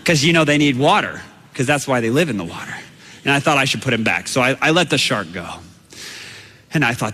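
A man preaching a storytelling sermon, animated and acting out his own shouts. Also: medium pitch, a little fast, big-room sound.

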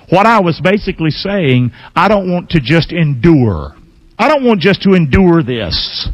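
Older guy preaching, folksy and emphatic, gets the crowd to say stuff back, kinda high voice, dry close sound. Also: very animated, moderate pace, dry recording. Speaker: pastor. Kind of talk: sermon.

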